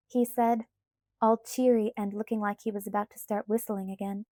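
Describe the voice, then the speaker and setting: A woman narrating a first-person novel as an audiobook with an expressive, measured reading. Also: medium pitch, dry recording, clean studio sound.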